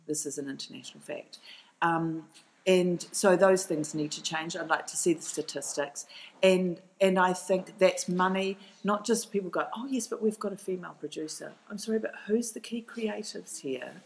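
This is a podcast interview with a middle-aged documentary filmmaker who has a New Zealand accent and a voice on the low side. She talks at a normal speed, passionately and emphatically, often starting her sentences over, and the audio quality is poor.

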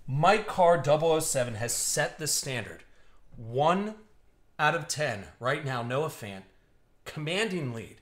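Excitable man hosting a live card break. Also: on the high side, takes it slowly. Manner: excitable, teasing, laughs often. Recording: roomy echo.

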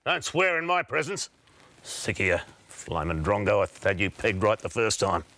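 An actor playing a short-tempered older Australian soap patriarch teaching acting, with a broad Australian accent and a blustering, insult-heavy way of talking. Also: male voice, fairly low pitch, big pitch swings, moderate pace, pushed and bright, full character voice. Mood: bellowing. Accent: broad Australian, put on. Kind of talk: sketch comedy.

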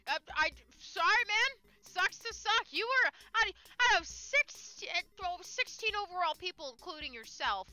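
A high, bright woman's voice that swoops up and down as she laughs and teases her viewers. Game music plays faintly underneath, and she jokes with friends between races. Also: expressive, normal speed. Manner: giggly, teasing, talks back to chat. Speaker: streamer. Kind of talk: casual live-stream chat.

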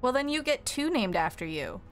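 A woman's voice: high voice, very animated, normal speed, soft background music. Playful, laughing woman streamer. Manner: playful, laughs often, teasing. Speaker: streamer co-host. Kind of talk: casual live-stream chat over gameplay.

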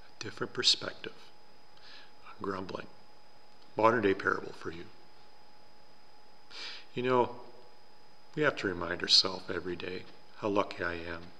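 A man preaching a sermon in a church, telling a story in an earnest, slow and deliberate way. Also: sits low, steady tone, sharp tone, long reverb tail, a little hiss or hum. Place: church sanctuary.

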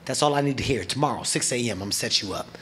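A man voicing a gruff older male boxing trainer in a low, clipped, matter-of-fact way. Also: racing, fairly bright tone, natural voice. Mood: assured.

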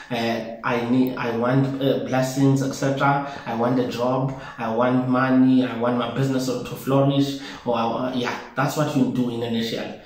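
A man's voice: mid-range voice, steady tone, unhurried, a little mellow. A South African man, a traditional healer, demonstrating a home brewing process in a casual way and often repeating his phrases as he shows each step. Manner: repeats phrases while showing steps. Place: newly moved-into home. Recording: very echoey bare room.

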